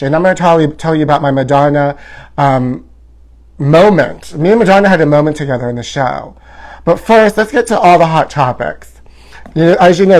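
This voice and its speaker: A man's voice: on the high side, darkish tone. A man hosting a live gossip stream from home in a campy, theatrical way, reading viewer comments aloud and calling everyone honey. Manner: reads fan comments aloud. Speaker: host.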